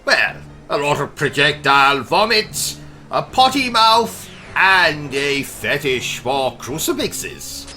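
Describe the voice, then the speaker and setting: British male game host, pompous and slow-spoken with a very bright tone, faint music behind. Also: fairly high pitch, big pitch swings. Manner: pompous, theatrical, exclamatory. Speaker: gaming channel host. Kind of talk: comedic let's-play commentary with skits.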